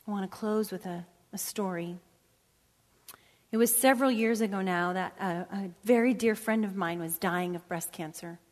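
A woman preacher delivering a sermon and closing prayer, dropping to hushed whispers and rising to loud, emphatic passages. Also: mid-range voice, normal speed. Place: church sanctuary. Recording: long hall reverb.

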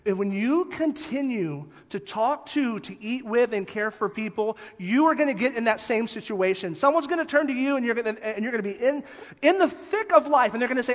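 High-voiced pastor in a reverberant hall. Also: male voice, brisk. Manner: animated storytelling, drops soft for emphasis. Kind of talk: sermon.

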